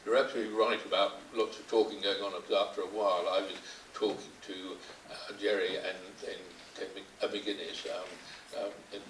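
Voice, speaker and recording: A man's voice: low-pitched, little pitch movement, moderate pace, hardly any pauses, a bit bright. An older man moderating a panel, telling anecdotes with chuckles and hesitant restarts. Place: conference hall. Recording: roomy hall, distant mic, faint hiss.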